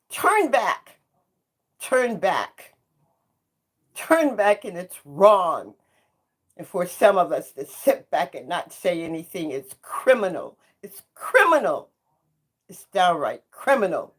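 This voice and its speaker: A woman in her seventies hosting a livestream, talking in an impassioned monologue and repeating phrases for emphasis like a preacher. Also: lowish voice. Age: 70s. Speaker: host.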